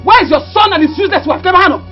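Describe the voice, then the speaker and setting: A hot-tempered Nigerian woman shouts and mocks, her high voice leaping up and down. She sounds menacing and unrestrained. The audio is somewhat dull, with loud film music beneath it. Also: sing-song, normal speed. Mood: furious. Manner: shouting, taunting, threatening. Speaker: aggressive woman confronting an old man. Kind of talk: Nollywood film acting.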